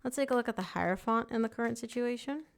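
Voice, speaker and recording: A woman's voice: on the high side, fast, gravelly. Chatty woman giving a tarot reading. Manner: chatty, emphatic, voices the client's thoughts. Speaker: tarot reader.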